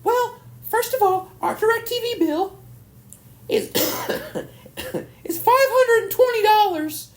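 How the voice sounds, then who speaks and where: A man doing a shrill, sobbing old grandma. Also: animated, takes it slowly, full character voice. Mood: tearful. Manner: shrill, tearful and wailing.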